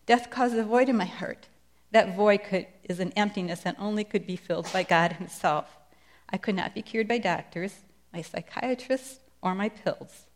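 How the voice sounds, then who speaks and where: A woman's voice: mid-range voice, normal speed. A middle-aged woman sharing a Christian testimony in a sermon, speaking with earnest, emphatic conviction. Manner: earnest, emphatic preaching delivery.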